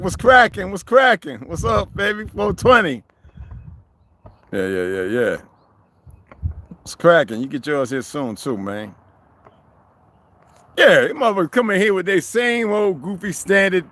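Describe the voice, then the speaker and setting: Cursing, animated man on a livestream. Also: high-pitched, unhurried, pauses often. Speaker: livestream host. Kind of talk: profane livestream rant and chat greetings.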